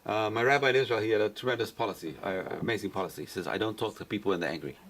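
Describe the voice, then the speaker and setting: A man's voice: fairly low pitch, very fast, a bit bright. A man, a rabbi, teaching a class and repeating his key points for emphasis. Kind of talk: lecture-style Torah class.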